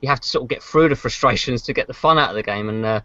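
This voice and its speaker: Fast-talking man on a lo-fi podcast. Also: medium pitch, pushed and bright, no echo. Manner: rambling, frequent fillers and restarts. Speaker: podcast co-host. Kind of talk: casual chat about racing games. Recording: dull lo-fi podcast audio.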